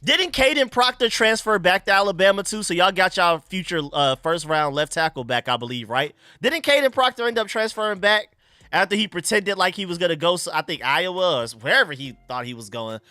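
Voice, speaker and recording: Excitable young man hosting a live stream. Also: high voice, fairly quick, no room sound, studio quality. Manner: excitable, chatty, thanks donors. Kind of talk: casual live-stream commentary.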